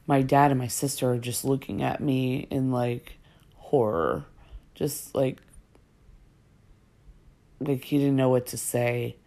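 A woman's voice: a bass voice, vocal fry, warm tone. A woman casually telling a personal story in a chatty, rambling way, full of fillers.

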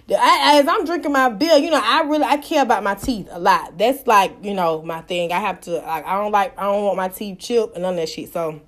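A woman telling a personal story in casual, profane, animated talk. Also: medium pitch, brisk, few pauses.

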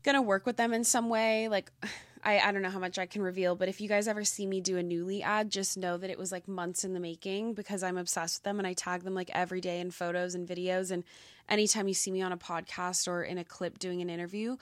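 A woman's voice: lowish voice, level tone, fast talker, no room sound. A young woman hosting a podcast, chatting casually with lots of fillers and gushing enthusiasm. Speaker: podcast host. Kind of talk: casual commentary.

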